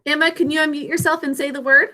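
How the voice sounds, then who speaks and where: In a high-pitched voice that's bright and pushed yet level in tone, a woman runs an online reading lesson over video call. She pronounces words slowly and clearly, breaking them into syllables.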